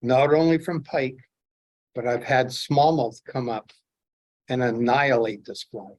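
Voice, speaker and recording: A middle-aged man from Canada demonstrates fly tying, mixing instruction with animated fishing stories. His voice sits in an ordinary middle pitch. He acts out his own excitement as he tells them. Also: unhurried. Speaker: fly tier, presenter.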